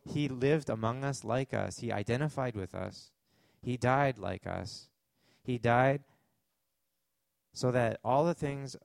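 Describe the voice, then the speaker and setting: A man's voice: mid-range voice, gravelly, a little mellow, no room sound. A man with a Canadian accent preaching a sermon as pastor, conversational, with asides and fillers.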